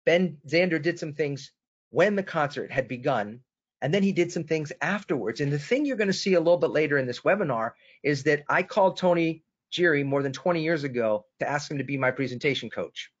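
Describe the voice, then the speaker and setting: A man's voice: a little high, expressive, a little fast. A man from Boston presenting a sales webinar, telling a story with enthusiasm and turning to his co-host by name. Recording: dull lo-fi webinar audio.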